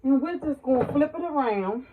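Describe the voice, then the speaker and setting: A woman's voice: sits high, expressive, moderate pace. A woman hosting a casual home cooking tutorial in her kitchen, chatty and folksy, calling her viewers y'all and baby, recorded on the camera mic as she moves around. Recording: dull lo-fi home video sound with faint noise.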